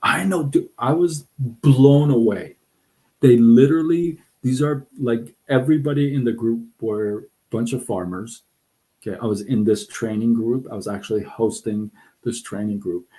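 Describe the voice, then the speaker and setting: A middle-aged man hosting a casual live stream, talking in an animated, excitable way with frequent restarts. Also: medium pitch, normal speed, poor audio. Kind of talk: casual livestream talk. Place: Southern California.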